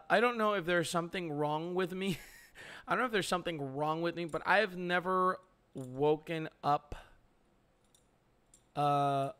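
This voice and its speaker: A young man hosting a live stream, chatting casually with viewers on a headset mic, halting with many fillers and restarts. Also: fairly high pitch, a bit bright, clear, resonant tone. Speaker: streamer host.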